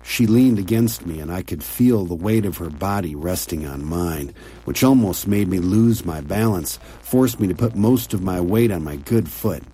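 A man narrating an audiobook story in a quiet, measured, intimate way. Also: low-pitched, animated, breathy edge. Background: soft music.

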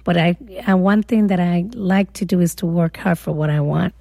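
A woman from the Republic, telling a personal story in an earnest, unhurried way during a recorded conversation. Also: fairly low pitch, vocal fry, dark tone, no echo. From Dominican Republic. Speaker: interviewee.

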